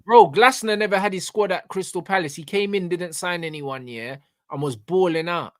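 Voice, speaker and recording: A young man, voice pitched a touch higher than most, argues his football opinions with passion and frequent swearing. He keeps asking whether you know what he's saying. The sound is dry and close, with no room behind it. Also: moderate pace, a bit bright, dry recording. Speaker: co-host, football fan. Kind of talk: casual football debate.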